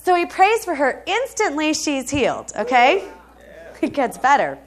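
A woman preaching, telling a testimony story in an animated way, laughing often and checking in with her listeners. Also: high voice, measured pace.

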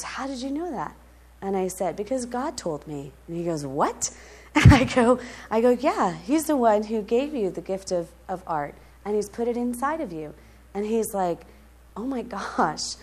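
A woman preaching a sermon and telling a personal story, moving from emphatic highs to soft, quiet stretches, with frequent laughs between phrases. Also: expressive, normal speed, husky.

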